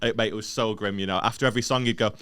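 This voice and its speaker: A man's voice: on the low side, fairly even intonation, very fast, sharp tone, smooth, no echo, clean studio sound. A young man with a Northern English accent, co-hosting a comedy podcast in casual chat, rambling through stories and laughing often. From Northern England.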